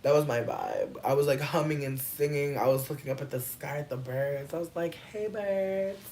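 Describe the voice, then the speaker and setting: A woman in her thirties chatting casually on a livestream and answering chat, playful and profane, with drawn-out emphasis. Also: very deep voice, sing-song, a little mellow, slight background noise. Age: 30s.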